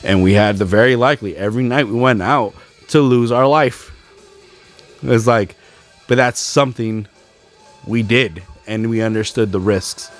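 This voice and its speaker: A man's voice: fairly low pitch, moderate pace, faint music behind. A young man hosting a podcast, ranting alone with frustration and mocking other people's words. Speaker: podcast host. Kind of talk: solo ranting podcast monologue.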